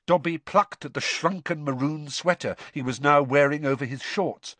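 An audiobook narrator giving a dramatic, expressive scripted reading of a story. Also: medium pitch, moderate pace, few pauses, no echo.

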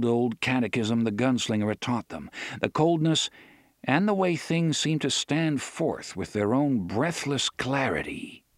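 A man narrating an audiobook in a measured storytelling manner. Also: medium pitch, dry recording, clean studio sound. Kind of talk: scripted narration.

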